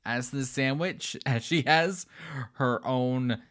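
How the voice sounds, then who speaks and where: A man at a middling pitch pausing a livestream to comment on it. His remarks are wry and sarcastic, delivered as dry asides to his viewers. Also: a bit bright. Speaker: reaction commentator.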